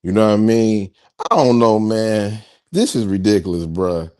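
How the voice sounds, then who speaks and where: A man's voice: on the low side, steady tone, moderate pace, darkish tone, smooth. A man hosting a casual TV reaction chat, groaning and drawing out his words in mock mourning. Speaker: reaction show host.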